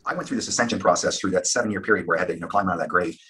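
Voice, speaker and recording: Fast-talking husky-voiced brash male host. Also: low voice, sharp tone. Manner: brash, rambling, fired-up. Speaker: live show host. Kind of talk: casual live-stream round table.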